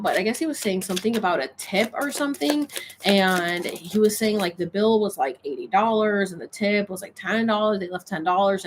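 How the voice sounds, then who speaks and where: In this casual vlog, a woman rambles through a filler-heavy retelling of a story while reading oracle cards out loud. Her voice is mid-range, and a little hiss or hum can be heard on the recording.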